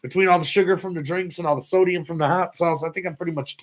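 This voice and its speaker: A man's voice: a little high, fairly even intonation, quick pace. A young man co-hosting a podcast, teasing his friends in casual chat and swearing casually. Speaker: podcast co-host.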